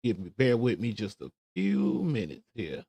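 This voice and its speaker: A man's voice: fairly low pitch, lively intonation, moderate pace, dark tone, slightly rough, no room sound. A man hosting a casual livestream commentary show, chattily talking himself through searching for a clip. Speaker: show host.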